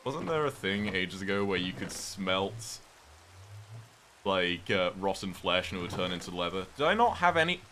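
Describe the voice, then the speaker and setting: A man's voice: low voice, a little slow, pushed and bright, a little hiss or hum. A young British man streaming a game, rambling casually and chatting with viewers as he plays. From Britain. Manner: rambling, chatty, reads and thanks chat. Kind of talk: casual livestream chat while gaming.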